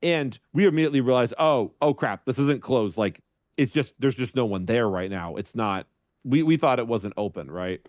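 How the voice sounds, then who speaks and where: On a podcast, a male guest streamer casually tells a funny anecdote, animatedly acting out the voices of the people in it. He speaks at a moderate pace in a mid-range voice, recorded dry with studio quality.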